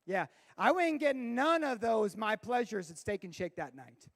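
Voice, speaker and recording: A man giving a lively youth sermon, his voice sitting high for a man. He tells stories with big swings, dropping low and then shouting out the punchlines. A gravelly edge runs through his voice. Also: normal speed. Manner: animated storyteller, bursts into shouting for effect. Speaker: youth pastor.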